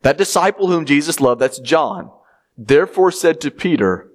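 Conversational male preacher, animated. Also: moderate pace. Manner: conversational preaching, acts out quotes with rising pitch. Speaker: pastor. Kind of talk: sermon.

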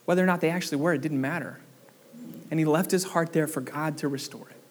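Young male pastor preaching, lively and engaging, pitched a bit high. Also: fast talker. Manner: animated, asks the congregation questions. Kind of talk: sermon.

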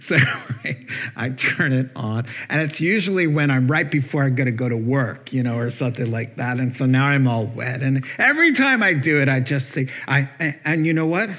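A male pastor giving a folksy, animated sermon and chuckling often, then leading a prayer. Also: mid-range voice, muffled recording. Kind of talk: conversational sermon.

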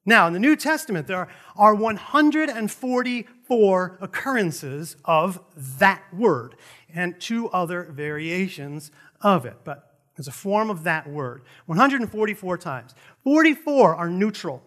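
A man's voice: high voice, a little slow. A middle-aged man preaching a sermon in a conversational way, with joking asides about himself. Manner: animated, conversational, self-deprecating asides. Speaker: pastor.

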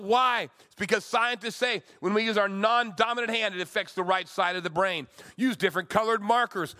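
High-pitched, bright-voiced preaching man. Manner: emphatic preaching with sudden loud and soft swings. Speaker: pastor. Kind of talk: sermon.

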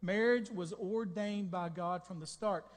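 A man preaching to his congregation, high in pitch and lively, tossing out jokes and questions. His voice rings with the long reverb of a church hall. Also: measured pace. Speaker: pastor. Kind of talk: sermon.

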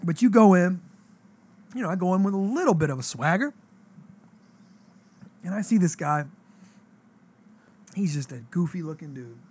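A pastor in his thirties telling a story in casual chat, animated and slangy, acting out the voices in his dialogue. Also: high-pitched, moderate pace, pauses often, slightly rough.

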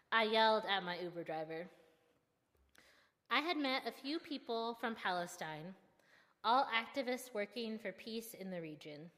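A young woman tells a personal story in a candid, self-deprecating way, with plenty of expression. Her voice sits a little high and her pace is unhurried. The recording carries a long hall reverb. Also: fairly bright tone. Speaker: seminary student.

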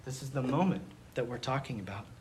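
A man's voice: medium pitch, fast, slight background noise. A man leading a Bible study group, teaching in a casual, conversational way, asking the group questions and retelling scenes.

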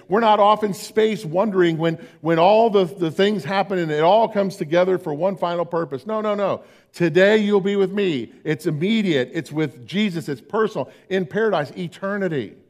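Pastor preaching, slightly high, loud then hushed. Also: male voice. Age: older. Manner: swings from loud emphatic to hushed and slow. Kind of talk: sermon.

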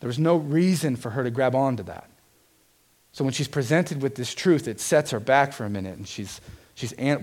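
A man's voice: mid-range voice, lively intonation, normal speed, darkish tone. A man preaching a sermon as pastor, earnest and emphatic, putting direct questions to his congregation.

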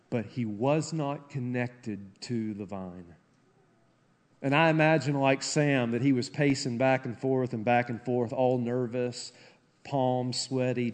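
Southern male pastor, slow deliberate sermon delivery, big reverberant sanctuary. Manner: swings from loud high preaching to low soft intensity. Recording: long hall reverb.

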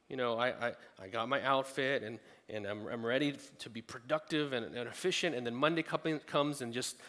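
A man preaching with a bright, forceful voice, talking with his listeners and then climbing to loud, emphatic peaks. His voice rings in a large hall with a long reverb. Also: mid-range voice. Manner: conversational, rising to emphatic peaks. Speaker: pastor. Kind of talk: sermon.

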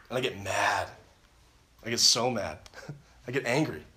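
A man's voice: mid-range voice, lively intonation, moderate pace, long pauses, sharp tone. A man giving an earnest personal testimony at a camp, retelling his story with many restarts and repeated phrases. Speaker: camp speaker. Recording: roomy echo.

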